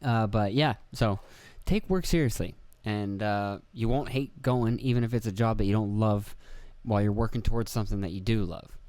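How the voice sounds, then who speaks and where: A young man hosts a casual solo podcast from an indoor room with a video camera, rambling, swearing, laughing at himself, and acting out voices when he quotes people. His voice sits on the low side with a darkish tone, moving at normal speed with hardly any pauses and no echo.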